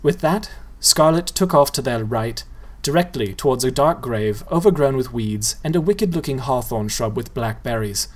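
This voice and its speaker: A playful storyteller reading a novel aloud and speaking straight to the listener. The voice rises and falls with lively, musical phrasing. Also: mid-range voice, normal speed, hardly any pauses.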